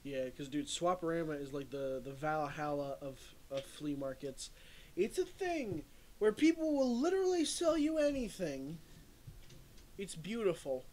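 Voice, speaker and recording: A young man chats loosely on a stream, his voice sitting a bit high for a man. He rambles through stories, swears freely and breaks into laughter. A faint hiss runs under the recording. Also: very animated, measured pace, darkish tone. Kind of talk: casual chat. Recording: faint background noise.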